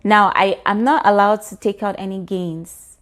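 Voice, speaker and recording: A woman talks to her viewers about personal finance, earnestly walking through each point. Her tone is encouraging and steady, with the odd "um", and her voice sits at a middle pitch. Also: moderate pace. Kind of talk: explanatory talk to camera.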